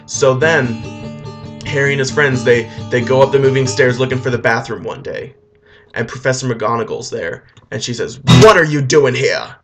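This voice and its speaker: Offhand rambling male storyteller, loose comic retelling, soft music under. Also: medium pitch, fairly even intonation, moderate pace. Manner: rambling, offhand, with filler restarts.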